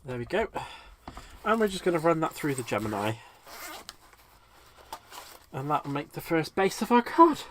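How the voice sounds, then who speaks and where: A man's voice: a little high, very animated, moderate pace, long pauses, fairly bright tone, a little hiss or hum. A British man hosting a live crafting tutorial in a chatty way, talking viewers through each step while a bit stuffy from a cold. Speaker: crafting livestream host.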